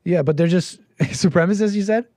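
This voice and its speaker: A man's voice: high-pitched, brisk, dark tone, no echo, clean studio sound. A man hosting a call-in show, talking casually and searching for his words as he explains things.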